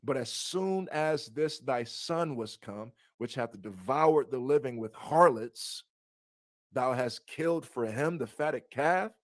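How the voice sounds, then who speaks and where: A man's voice: medium pitch, animated, slow pace. A man leading a bible study, reading scripture aloud and breaking off with rhetorical questions and frequent restarts. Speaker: bible teacher.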